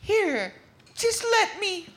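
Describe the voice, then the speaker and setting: A woman's voice: extremely high pitch, sing-song, extremely slow, a bit bright, heavily acted. A woman playing an eager, doting young wife in an improv comedy scene, giggly and coaxing.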